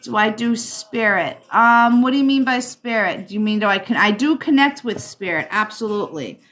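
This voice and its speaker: A chatty woman with a Rhode Island accent gives a card reading on a live stream. She calls her viewers darling. Her voice sits a little high and sounds bright and forceful. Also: lively intonation, moderate pace. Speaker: psychic reader and livestream host.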